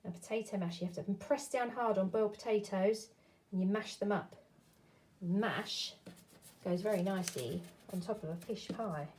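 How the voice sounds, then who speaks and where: A woman teaching a phonics lesson to young children, sounding out words slowly and clearly and encouraging them to join in. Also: mid-range voice, a little mellow, a little hiss or hum.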